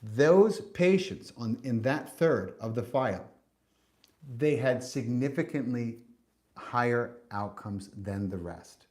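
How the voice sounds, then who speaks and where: Male podcast host, mid-pitched, preachy and emphatic, swears freely. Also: lively intonation, slow, darkish tone. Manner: emphatic, preachy, profane, with frequent restarts. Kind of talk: spiritual podcast monologue.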